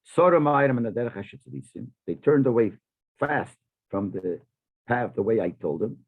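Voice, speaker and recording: Husky rabbi explaining a text. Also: male voice, medium pitch, lively intonation, moderate pace, phone-quality sound. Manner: weaves Hebrew and Yiddish terms into English, restarts phrases while explaining. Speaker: rabbi teaching Torah commentary. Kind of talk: explanatory lesson.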